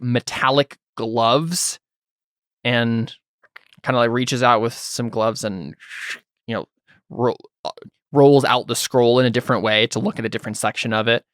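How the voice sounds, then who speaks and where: A man's voice: medium pitch, a bit bright, smooth, no room sound, studio quality. A man narrating as game master of a tabletop role-playing game, describing scenes with many hesitations and restarts.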